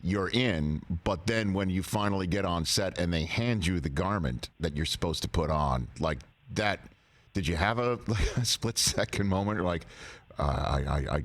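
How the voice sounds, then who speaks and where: A male sports talk host interviews a guest. He asks playful, teasing questions with long setups, and his voice sits very low. The sound is dry and close. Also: moderate pace, no echo.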